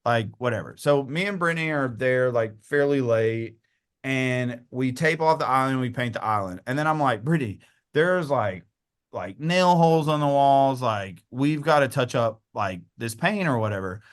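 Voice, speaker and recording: A young man tells an animated story in a relaxed interview. His voice sounds smooth and clear, and he slips into the voices of the people he quotes and laughs as he talks. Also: mid-range voice, moderate pace. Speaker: real estate agent and coach, podcast guest.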